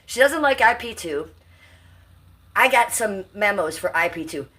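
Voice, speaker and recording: A woman's voice: mid-range voice, animated, a little slow, bright, forceful tone. A woman in her fifties hosting a casual livestream, brash, profane and rambling as she reads out chat comments. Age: 50s. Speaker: livestream host.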